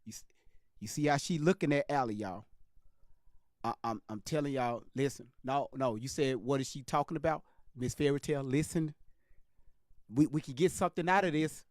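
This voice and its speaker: A man's voice: mid-range voice, moderate pace, pauses often, darkish tone, dry recording, studio quality. A man hosting a live stream, commenting on a clip with emphatic, repetitive direct address to his viewers.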